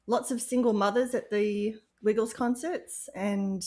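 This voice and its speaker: A woman's voice: medium pitch, steady tone, unhurried, warm tone. Chatty giggly woman from Australia. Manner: chatty, giggly, loose rambling. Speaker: podcast guest. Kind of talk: casual podcast chat.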